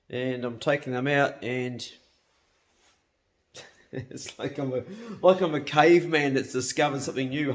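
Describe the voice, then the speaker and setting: Blunt swearing New man in his fifties. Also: medium pitch. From New Zealand. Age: 50s. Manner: blunt, swears freely, laughs easily. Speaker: hunting and cooking vlogger. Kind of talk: casual chat to camera. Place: home kitchen, indoors.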